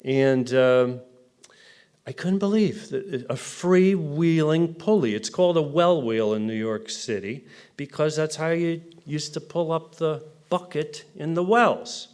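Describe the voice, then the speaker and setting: A man's voice: fairly high pitch, a little slow, clear, resonant tone. A middle-aged man from New Jersey giving a conference talk, telling stories with humor and acting out quotes in other voices. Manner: animated storyteller, mimics voices in quotes. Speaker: conference speaker. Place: conference hall.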